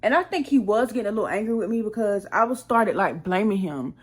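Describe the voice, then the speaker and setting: A woman's voice: mid-range voice, lively intonation, fast talker, husky. A woman hosting her own channel, telling a rambling storytime full of profanity and acting out her heated arguments. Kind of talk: casual storytime monologue.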